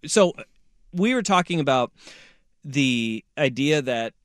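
A man's voice: mid-range voice, expressive, slow, no room sound. A man hosting a studio talk show, joking with his guest and then asking earnest questions. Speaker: radio show host. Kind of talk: casual chat, interviewing. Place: radio studio.

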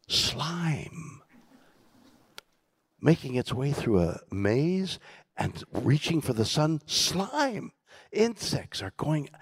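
An older man speaking as keynote guest, telling a story to a live audience with a dramatic, halting delivery and hushed asides. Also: mid-range voice, gravelly, slightly rough, no room sound, studio quality. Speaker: keynote guest in a stage conversation. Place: conference stage.

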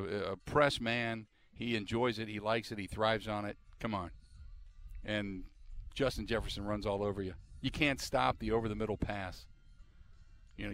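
A man's voice: medium pitch, fairly bright tone, a little hiss or hum. A man hosting a sports talk radio show, talking emphatically and with exasperation, often repeating himself.

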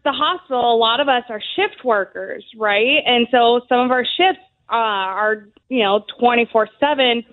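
A fairly high-voiced woman chats through stories, laughing often and leaning on fillers. Her voice comes over a thin, phone-like line that cuts the lows and highs. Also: normal speed. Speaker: guest, Army veteran. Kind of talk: casual interview storytelling.

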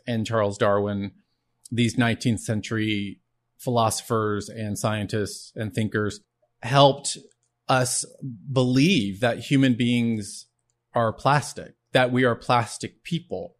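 A man's voice: medium pitch, takes it slowly. A man hosting his own show, giving an earnest teaching monologue and often restarting and repeating words. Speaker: podcast host.

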